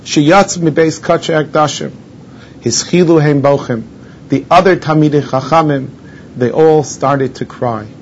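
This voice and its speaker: A rather high-voiced man gives a religious lesson, stopping to gloss Hebrew terms in plain English. The recording sounds dull and lo-fi, with a faint rumble underneath. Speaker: rabbi teaching a class. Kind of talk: Torah lesson on mourning laws.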